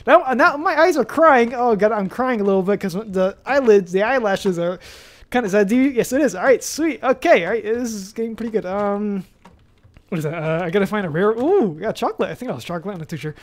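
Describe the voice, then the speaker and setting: Sweating in a costume in his bedroom, a gaming YouTuber chatters to himself through a let's-play, full of fillers, false starts and light cursing. His voice sits high, animated and fast.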